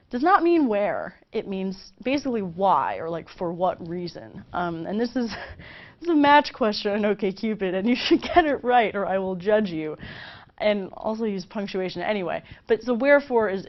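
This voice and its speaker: A woman teaching a casual literature lesson in a chatty, playful way, full of fillers. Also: medium pitch. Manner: chatty and playful, many fillers, laughs often. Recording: slightly dull lo-fi recording.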